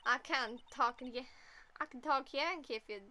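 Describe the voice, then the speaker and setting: A woman's voice: high-pitched, normal speed. A woman reading a brash, folksy female photographer in a put-on American Southern drawl. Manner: folksy, loud, boastful.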